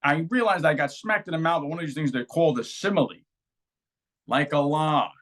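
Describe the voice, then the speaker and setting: A man's voice: fairly high pitch, fast talker. A man performing a comic monologue and an improv scene, with a natural way of talking that listeners take for an accent. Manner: animated storytelling, plays other voices. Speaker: acting talent.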